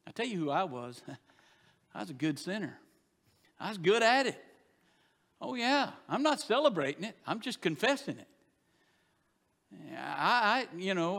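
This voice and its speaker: A man preaching a sermon as pastor, animated and emphatic, dropping at times to soft confessional tones. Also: very high-pitched. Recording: long hall reverb.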